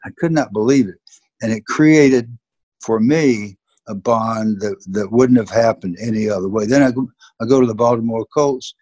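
A man's voice: on the low side, normal speed, darkish tone, dry recording, lo-fi sound. An older man with a Southern accent, a former football coach telling stories in an earnest, emphatic way. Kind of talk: reflective storytelling in an interview.

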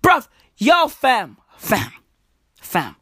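A young woman with a South African accent riffs through stand-up comedy, profane and full of slang. Her voice sits high and her delivery is slow and drawn out. The sound is dry and close, with no room around it. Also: wildly swooping pitch, sharp tone, breathy edge, dry recording.

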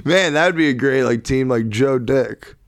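A man's voice: medium pitch, moderate pace. A man riffing through loose comedic banter, laughing often as he builds absurd bits.

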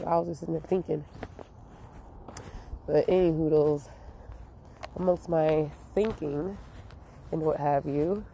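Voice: mid-range voice, gravelly, warm tone, a little hiss or hum. A vlogger with a stuffy nose from allergies, talking outdoors in a rambling, musing, philosophical way. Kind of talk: casual vlog monologue. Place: outdoors near flowers and a car.

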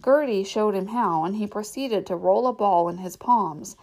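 A woman's voice: mid-range voice, normal speed, darkish tone, rough recording. Woman narrating a novel aloud. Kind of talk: audiobook reading.

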